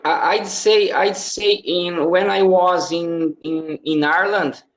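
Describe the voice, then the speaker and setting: A Brazilian man with a Brazilian Portuguese accent, a native Portuguese speaker practicing English in a casual video-call lesson, halting and restarting his phrases. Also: high-pitched, fairly even intonation, low-quality recording. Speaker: English student.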